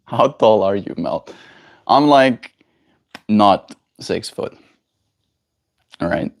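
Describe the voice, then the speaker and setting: A young man streaming live, chatting casually with his viewers and reading their messages with easy chuckles. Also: vocal fry. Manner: slow, relaxed, reads chat aloud and chuckles; high, sing-song baby talk to his pet bird.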